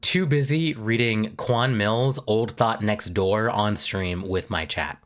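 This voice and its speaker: A man's voice: lowish voice, takes it slowly. A man streaming live in casual chat, rambling off on tangents and stammering through restarts with a dramatic, self-aware delivery.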